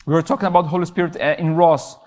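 Impassioned high-voiced male youth preacher. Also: steady tone, fast, darkish tone. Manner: impassioned, rises and falls in pitch for emphasis. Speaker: youth pastor. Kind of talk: sermon.

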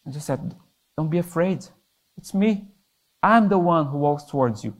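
Impassioned high-voiced male youth preacher. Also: lively intonation, normal speed. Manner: impassioned, rises and falls in pitch for emphasis. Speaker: youth pastor. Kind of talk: sermon.

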